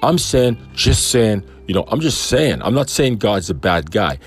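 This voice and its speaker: A man's voice: lowish voice, big pitch swings, a little slow, faint music behind. A man putting on a sly wheedling serpent. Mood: insinuating. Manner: coaxing, insinuating, smooth-talking.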